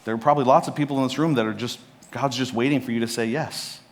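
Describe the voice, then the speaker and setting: A man preaching a sermon as pastor, telling a Bible story with lively acted-out lines. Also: mid-range voice, fast talker. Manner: animated storytelling, acting out Bible characters' lines. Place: church sanctuary.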